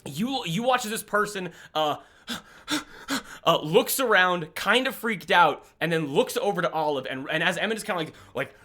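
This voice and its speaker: A man narrates a tabletop game as game master, rambling with restarts as he builds scenes. His voice sits high and bright, with a forceful ring. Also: lively intonation, normal speed, soft background music.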